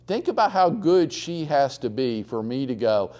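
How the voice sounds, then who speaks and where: A man teaches a room full of agents in a blunt, animated way. He swings between stories and little acted-out phone calls, and his voice sits at an ordinary pitch for a man. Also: moderate pace. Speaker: real estate trainer. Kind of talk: live training talk to a room. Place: training room with audience.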